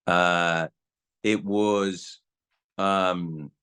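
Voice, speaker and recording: A man's voice: deep voice, extremely slow, smooth. A man in his sixties, a guest telling stories in a casual podcast chat and acting out the voices of people in them. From Scotland. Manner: animated storyteller, acts out voices.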